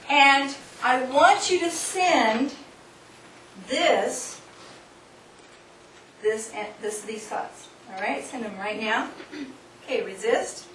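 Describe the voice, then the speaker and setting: A woman's voice: high-pitched, takes it slowly, pauses often, fairly bright tone. A woman speaker leading a live workshop demonstration with volunteers, coaxing and instructive, often laughing. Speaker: seminar speaker. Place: hall with an audience. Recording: distant, echoey room recording with noise.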